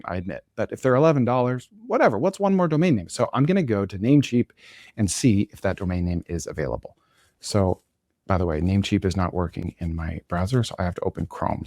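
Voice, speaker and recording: A man's voice: on the low side, darkish tone, no echo, studio quality. A young man hosting a podcast, talking casually and energetically while he shares his screen and thinks aloud. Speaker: podcast host and entrepreneur.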